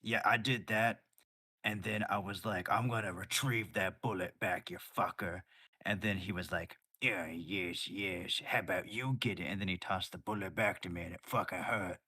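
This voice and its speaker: A man's voice: low voice, fairly even intonation, moderate pace, sharp tone, husky, dry recording, studio quality. A man playing a tabletop game in casual chat, who stammers and swears. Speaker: player.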